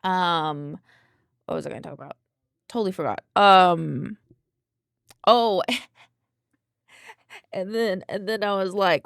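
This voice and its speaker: A woman's voice: medium pitch, slow pace, long pauses, a bit bright, smooth, no echo, studio quality. A young woman streaming live, chatting, rambling and giggling, greeting viewers by name and muttering to herself while she works on a design. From English-speaking. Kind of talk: casual live-stream chat while working.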